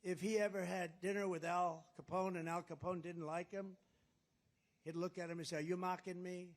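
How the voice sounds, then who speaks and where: Man, political candidate, campaign rally speech, higher-pitched male voice, rambling, boastful, repetitive. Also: little pitch movement, moderate pace. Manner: rambling, boastful, repeats phrases. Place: rally at a golf resort.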